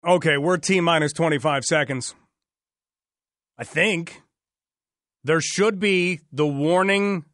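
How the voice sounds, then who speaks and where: Sarcastic, chatty male radio host from Canada with a slightly high voice and a dry close-mic sound. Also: a bit bright, no echo. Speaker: radio talk show host. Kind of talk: casual radio talk.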